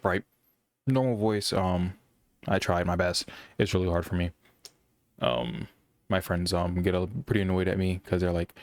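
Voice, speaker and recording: A young man talking casually about gaming, in a monotone voice that he says makes him sound sarcastic, rambling with frequent restarts. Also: deep voice, no room sound. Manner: rambling, halting with many restarts. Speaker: gaming commentator. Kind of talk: casual monologue.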